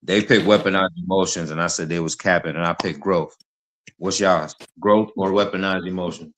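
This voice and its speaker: A man's voice: sits low, steady tone, moderate pace, a bit bright. A man hosting a podcast, running a loose, joking group conversation full of slang. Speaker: podcast host. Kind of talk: casual group chat.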